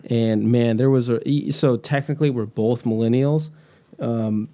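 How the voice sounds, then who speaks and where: A man's voice: medium pitch, moderate pace, warm tone. A man in his thirties co-hosting a casual podcast chat, laid-back and rambling. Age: 30s. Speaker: podcast co-host.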